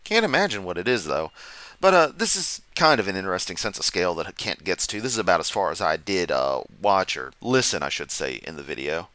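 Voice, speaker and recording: A man's voice: low-pitched, big pitch swings, fairly quick, pushed and bright, no echo. A man doing casual reaction commentary, rambling off on tangents and laughing at his own jokes, sounding sleepy. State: sleepy, yawning.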